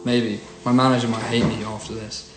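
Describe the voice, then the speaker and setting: A young singer-songwriter chatting casually on a phone livestream, rambling with lots of fillers. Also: male voice, medium pitch, fairly even intonation, measured pace, music in the background. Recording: roomy echo, faint noise.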